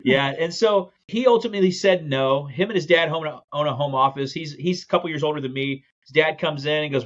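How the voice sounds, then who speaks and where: Fast-talking man telling a story. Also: on the high side, lo-fi sound. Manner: fast, animated storytelling with acted-out quotes. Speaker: guest, land investor. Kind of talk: storytelling in a podcast interview.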